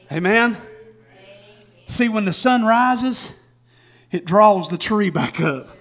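High-voiced preacher, shouting then hushed. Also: male voice. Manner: swings from shouting to hushed, acts out quotes; folksy, laughs often. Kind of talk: sermon.

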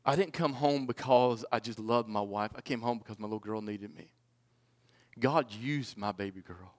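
A man in his forties preaching a personal testimony, swinging from loud pleading to hushed, low confession. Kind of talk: sermon testimony.

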